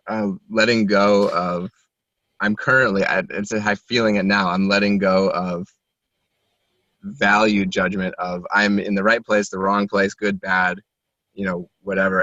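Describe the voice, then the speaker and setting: A man's voice: low voice, little pitch movement, moderate pace, bright, forceful tone, dry recording. A man being coached, talking through his feelings in an introspective way and searching for words. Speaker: coaching client. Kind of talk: reflective conversation. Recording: dull, dry lo-fi audio.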